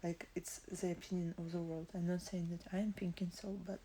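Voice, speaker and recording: A young woman streaming live, talking casually in a halting, hesitant way as she searches for words, emotional and teary. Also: lowish voice, level tone, warm tone, slight background noise.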